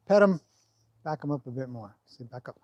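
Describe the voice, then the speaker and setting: A man's voice: on the high side, expressive, normal speed, darkish tone, no echo, muffled recording. A man who trains horses, chatting casually through a livestream, rambling and breaking off to talk to his horse.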